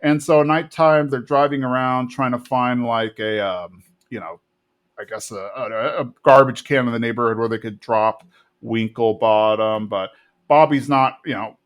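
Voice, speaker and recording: A man from Texas casually recapping a cartoon episode on a podcast, slipping into quick voices for the characters. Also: mid-range voice. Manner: retells plot with quick put-on character voices. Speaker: podcast co-host.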